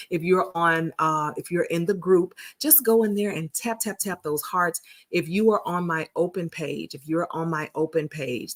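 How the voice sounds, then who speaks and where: A low, slightly bright female voice belongs to a folksy livestream host in her 40s. She chats casually with her viewers, sprinkling in terms like honey and sugars.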